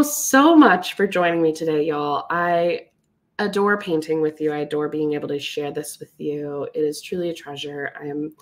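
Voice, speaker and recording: A woman's voice: lowish voice, normal speed. A woman teaching a live watercolor class, chatty and upbeat, with lots of fillers. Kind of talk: live painting tutorial.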